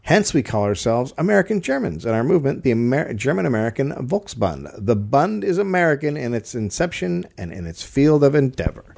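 A man's voice: medium pitch, very animated, a little fast, vocal fry, few pauses, darkish tone. A man hosting a comedy history podcast, reading old texts aloud and breaking off for dry jokey asides.

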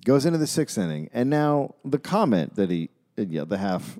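A man co-hosting a comedy history podcast, narrating a story in a deadpan way with jokey asides. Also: mid-range voice, normal speed.

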